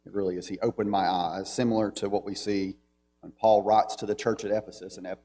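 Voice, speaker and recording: A man's voice: fairly low pitch, level tone, brisk, dark tone, slight background noise. A man with a Southern American accent teaching a Bible class in a church, talking in a conversational way and reading scripture aloud with emphasis.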